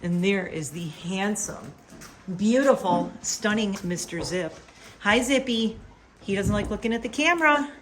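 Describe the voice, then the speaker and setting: A woman's voice: medium pitch, animated, a little slow, a little hiss or hum. A woman in a casual outdoor vlog, rambling and self-deprecating, and cooing at farm animals. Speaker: vlogger.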